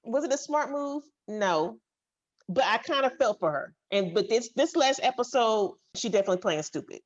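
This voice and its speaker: A woman in a casual recap chat, weighing things out in a measured way. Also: a little high, expressive, muffled recording.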